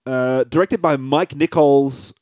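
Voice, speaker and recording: A man's voice: medium pitch, steady tone, slow, darkish tone, dry recording. A man co-hosting a podcast, talking in a rambling, joking way with many fillers and restarts. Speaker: podcast co-host. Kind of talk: casual podcast chat.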